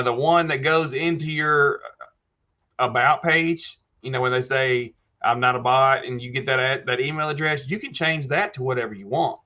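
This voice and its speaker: A livestream host with a mid-range, pushed and bright voice runs a casual live chat, though the highs are cut off in the audio. He reads viewer comments aloud and answers each person by name in a folksy way.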